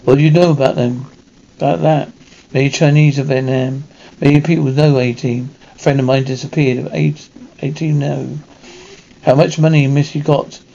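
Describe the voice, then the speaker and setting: A gravelly, proverb-quoting old shopkeeper, put on by a man speaks in clipped broken phrases. The tone is mellow and a touch high. The recording is dull and lo-fi. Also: steady tone, normal speed. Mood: terse. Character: elderly male shopkeeper in broken English.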